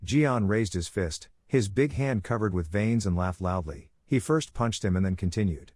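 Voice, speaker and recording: Low-voiced male recap narrator. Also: a little mellow, dry recording, studio quality. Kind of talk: scripted story recap narration.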